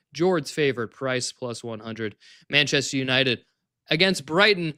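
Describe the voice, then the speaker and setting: Brief: bright, crisp male co-host, playful and upbeat, reads betting lines. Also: on the high side, dry recording, clean studio sound. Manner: upbeat, playful, reading picks briskly. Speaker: co-host of a soccer betting podcast. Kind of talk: casual sports betting chat.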